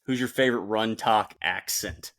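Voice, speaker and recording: A man's voice: fairly low pitch, normal speed, fairly bright tone. Teasing man on a casual podcast. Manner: teasing, laughs often, storytelling. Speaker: podcast co-host. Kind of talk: casual chat.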